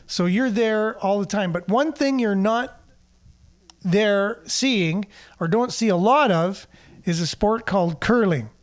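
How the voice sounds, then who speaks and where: A man's voice: sits high, takes it slowly. A man hosting a casual local news show, chatting and reading the news aloud with asides and fillers. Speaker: host.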